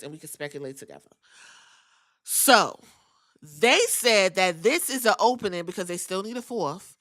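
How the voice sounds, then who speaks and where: A middle-aged woman hosting a podcast, recapping wrestling episodes in a casual, animated way, acting out quotes and swearing freely. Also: mid-range voice. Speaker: podcast host.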